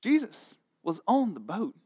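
A man preaching a sermon in a lively, jokey way, acting out the people in the story. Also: sits high, measured pace, slightly rough. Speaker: pastor.

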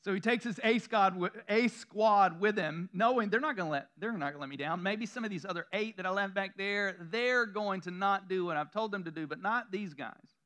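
Man, Southern accent, pastor's sermon, high voice, bright tone, chatty and self-mocking. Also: a little fast. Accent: Southern American. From Southern United States. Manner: conversational, chuckles often, self-deprecating asides. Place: church room before a congregation.

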